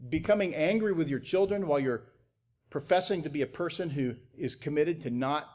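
Lively-pitched male preacher with mocking asides. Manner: animated preaching with mocking acted-out quotes. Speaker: pastor. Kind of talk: sermon.

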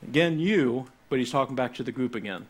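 A man's voice: mid-range voice, animated, fairly quick, husky. A man preaching a casual, conversational sermon and teaching from scripture, with frequent stammered restarts. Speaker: pastor.

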